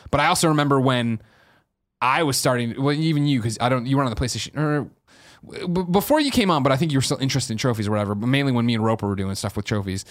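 A man's voice: mid-range voice, racing. A man co-hosting a gaming podcast in casual, rambling chat, swearing freely. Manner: rambling, profane, animated. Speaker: podcast co-host.

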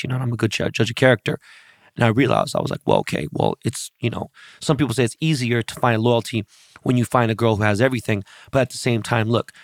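A brash, profane man hosting a podcast, telling loose stories full of quoted voices. His voice has a gravelly fry at mid pitch. The sound is dry and close. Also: no room sound. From born and raised locally. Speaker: podcast host. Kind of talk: casual podcast chat.

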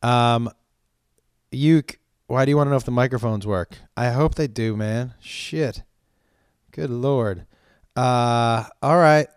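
A man's voice: medium pitch, slow, clean tone, dry recording, studio quality. A man hosting a podcast, chatting casually through listener questions, drawing out his vowels and rambling with many restarts. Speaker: podcast host; stand-up comedian.

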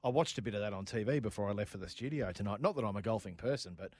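An Australian man co-hosting a motorsport radio show from a studio, joking, laughing often and telling quick anecdotes. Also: on the low side, no echo. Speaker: radio co-host. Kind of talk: casual motorsport banter.

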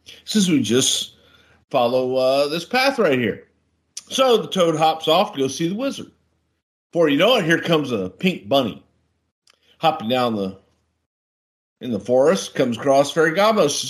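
A man with a fairly high, bouncing voice that swings all over as he chats. He spins a long silly joke, slipping into different voices for each character. His delivery is playful and loose, like a seasoned storyteller among friends. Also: very animated, moderate pace, long pauses. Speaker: co-host. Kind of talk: casual podcast chat and joke-telling.

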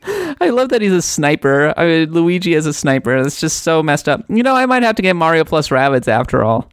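A woman from Minnesota co-hosting a casual podcast, reading out a listener letter with lively enthusiasm. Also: sits low, fairly quick, dry recording, studio quality. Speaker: podcast co-host.

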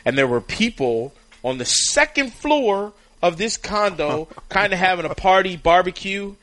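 A man with a somewhat high voice tells a story in a casual, animated way. He jumps into the voices of the characters as he goes, bringing the anecdote to life. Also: a little slow. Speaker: caddie.

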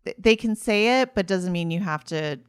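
A woman's voice: lowish voice, animated, normal speed, smooth, no room sound, studio quality. A woman with a Valley Girl accent, a beauty podcast co-host chatting casually about her work. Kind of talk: casual conversation.

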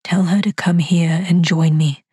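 A ghostly dead man speaks slowly and low through a bad phone line, quietly menacing, as a woman narrator puts him on. His voice is husky and close, with no room around it. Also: steady tone, no echo.

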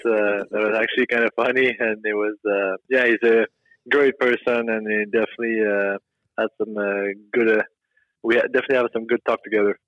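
A young man with a Québécois French accent, French his first language, speaking haltingly as an interview guest over a remote line. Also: mid-range voice, no echo, highs cut off. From Quebec. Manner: halting, friendly, many fillers. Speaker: hockey player guest.

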